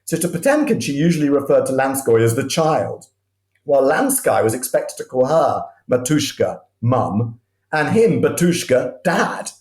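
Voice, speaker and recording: Male historian telling animated stories in a roomy space. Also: medium pitch. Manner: animated, vivid anecdotes with quick restarts. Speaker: guest historian. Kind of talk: conversational history storytelling.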